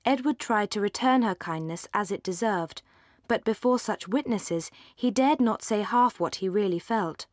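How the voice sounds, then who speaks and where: A woman narrating an audiobook of a classic novel in a measured, articulate reading. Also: mid-range voice, a little mellow, dry recording, studio quality. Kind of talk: scripted narration.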